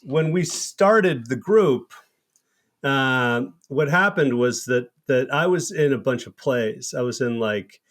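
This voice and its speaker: A man in his fifties, a podcast host telling a long, animated anecdote in casual chat with plenty of restarts. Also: mid-range voice, slow. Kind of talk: casual storytelling.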